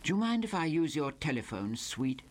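Cooing, theatrical young cabaret singer, a man pitching his voice way up. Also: very animated, moderate pace. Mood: gushing. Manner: gushing, affected, theatrical.

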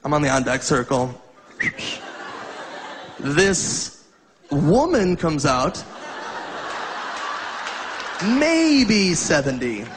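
A man's voice: fairly high pitch, big pitch swings, very slow, long pauses, a crowd in the background, background noise. A man doing stand-up, telling a story in a loose, laughing way and acting out voices. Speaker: stand-up comedian.

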